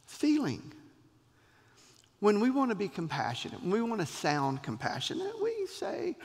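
A man preaching a sermon, expressive, with dramatic pauses and voiced quotes. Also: extremely high pitch, vocal fry, long reverb tail. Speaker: pastor.

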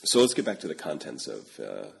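A man with a very deep, heavily gravelly voice hosts a casual tech podcast. His pitch swings around as he rambles, full of fillers and restarts. The tone is husky rather than clean. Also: huge pitch swings, brisk. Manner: rambling, many fillers and restarts, laughs often. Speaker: podcast host.

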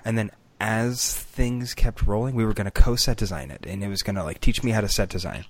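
A man's voice: fairly low pitch, brisk. A man co-hosting a casual podcast chat, telling rambling stories in an earnest way. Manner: chatty storyteller, earnest and rambling. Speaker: podcast co-host.

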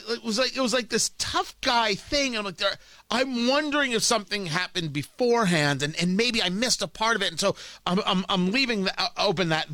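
Animated, bright-voiced man holding forth. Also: high-pitched, no echo. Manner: emphatic, repeats words when restarting. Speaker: radio talk host. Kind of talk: opinionated monologue.

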